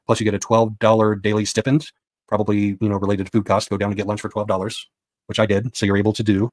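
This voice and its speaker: A man's voice: on the low side, little pitch movement, quick pace, darkish tone, no echo. A man giving a casual spoken recap of a court session as a reporter, retelling what was said with quoted dialogue.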